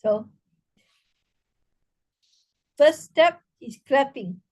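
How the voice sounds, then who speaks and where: High-voiced woman leading laughter yoga. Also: expressive. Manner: hesitant, halting with many restarts and fillers; bursts into loud rhythmic ha-ha laughter exercises. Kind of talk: online interactive workshop talk. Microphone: video call.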